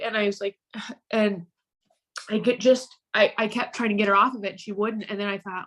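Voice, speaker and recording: Halting mother telling a painful story. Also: medium pitch, steady tone, fairly bright tone. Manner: halting, many restarts. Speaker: guest. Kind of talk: emotional personal storytelling.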